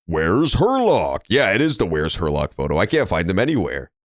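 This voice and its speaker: A man's voice: low-pitched, big pitch swings, fast, no room sound. A young man streaming a courtroom game, joking crudely and rambling while he plays. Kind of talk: casual let's-play commentary. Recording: dry room with faint game music.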